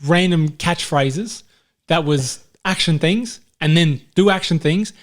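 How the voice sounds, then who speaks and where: A man co-hosting a movie review podcast, talking fast and mocking the film with put-on voices. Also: on the high side. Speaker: podcast co-host. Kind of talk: casual movie review chat.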